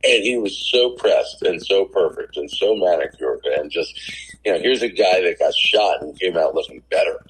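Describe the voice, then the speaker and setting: A middle-aged man, a TV producer, telling lively anecdotes as a guest on a podcast. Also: low voice, normal speed, a little hiss or hum, low-quality recording. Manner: animated anecdotes with acted quotes. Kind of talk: casual storytelling in a podcast interview.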